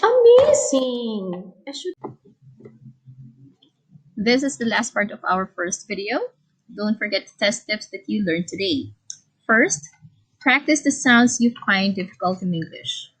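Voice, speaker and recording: A woman teacher giving a recorded English lesson, explaining clearly and calmly. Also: medium pitch, moderate pace, poor audio.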